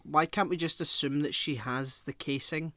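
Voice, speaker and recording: A man's voice: on the high side, moderate pace, pushed and bright, dry recording. Exasperated ranting young man. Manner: exasperated, sweary ranting, lots of "like". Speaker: podcast co-host. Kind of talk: casual chat.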